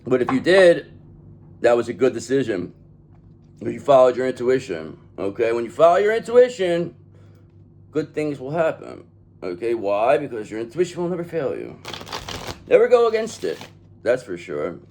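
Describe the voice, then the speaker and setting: A man's voice: mid-range voice, big pitch swings, moderate pace, a little mellow. A man giving a tarot reading in an emphatic, profane manner, often checking in with "okay?". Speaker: tarot reader.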